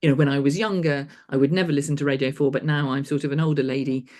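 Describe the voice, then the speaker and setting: A woman's voice: deep voice, fairly even intonation, fast talker, darkish tone. A middle-aged woman from England, talking as an invited lecturer in a conversational interview, rambling with restarts and fillers. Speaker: guest lecturer.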